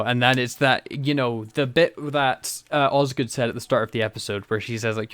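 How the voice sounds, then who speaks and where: A man's voice: medium pitch, steady tone, fairly quick, few pauses, a bit bright, clean tone, no room sound. A man co-hosting a casual podcast chat, enthusiastic, laughing often and acting out quotes in character. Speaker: podcast co-host.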